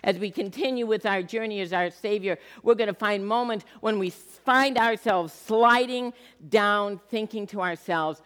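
A woman preaches a lively sermon, leaning hard into the words and then dropping almost to a murmur. She acts out the voices of people she quotes. Her voice carries a long reverb, as if filling a big hall. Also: mid-range voice, measured pace, few pauses.

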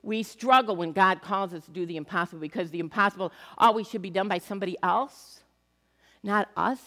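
A woman preaching a sermon, animated and acting out quoted voices with sudden swings between loud and soft. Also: medium pitch, fairly quick. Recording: hall reverb.

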